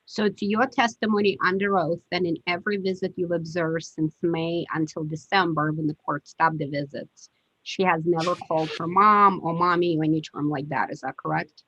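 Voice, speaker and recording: A woman lawyer cross-examining a witness in a remote court hearing. She speaks in a fairly low voice, measured, with many small hesitations. The sound is dull and dry, like video-call audio. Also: steady tone, a bit bright, husky, no room sound. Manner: measured, hesitant with frequent fillers. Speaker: attorney.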